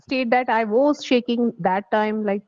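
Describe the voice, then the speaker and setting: A woman's voice: fairly high pitch, measured pace, darkish tone, dry recording. A woman with an Indian English accent, an English learner on a video call, talking hesitantly and searching for words. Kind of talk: casual online tutoring session. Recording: dry, dull lo-fi video call audio.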